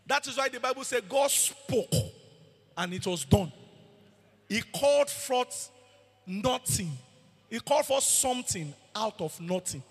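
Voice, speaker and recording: A man's voice: extremely high pitch, animated, a little slow, long pauses, husky, soft background music. A man preaching a sermon as pastor, emphatic and asking the congregation questions. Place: church hall. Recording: long hall reverb.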